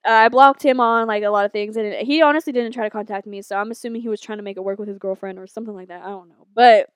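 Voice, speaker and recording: A woman's voice: medium pitch, steady tone, racing, smooth, dry recording, clean studio sound. A young woman co-hosting a podcast, telling a long rambling story in casual, profane chat. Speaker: podcast co-host.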